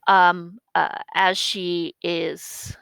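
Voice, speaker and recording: Gravelly-voiced woman teacher explaining. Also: lowish voice, flat delivery, very slow, fairly bright tone, no room sound, low-quality recording. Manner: explains step by step, repeats points, checks with "okay?". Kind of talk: classroom lesson walkthrough.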